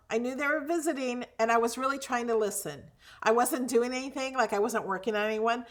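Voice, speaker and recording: High bright-voiced woman telling a story. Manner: animated storyteller. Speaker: host. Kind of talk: casual livestream chat.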